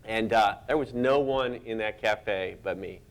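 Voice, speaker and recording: A man being interviewed as a cartoonist, telling animated, self-deprecating stories and laughing at his own anecdotes. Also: on the low side, measured pace, vocal fry. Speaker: cartoonist guest.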